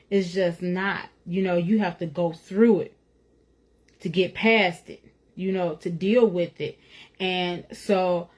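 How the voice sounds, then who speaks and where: A woman speaking about her faith in a relaxed, conversational way. Her pitch sits in a plain middle range, and her talk comes across earnest and personal, full of little asides to the listener. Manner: conversational, earnest, lots of "you know", laughs now and then. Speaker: speaker sharing faith testimony.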